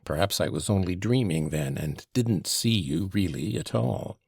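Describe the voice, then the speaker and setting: A man's voice: sits low, expressive, normal speed, vocal fry, darkish tone, breathy edge, dry recording, studio quality, voice pushed down, heavily acted. A man voicing a tormented young man in an audiobook, who speaks with bitter, clipped scorn. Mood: scornful. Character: tormented, contemptuous young man arguing with his hallucination. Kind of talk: audiobook character reading.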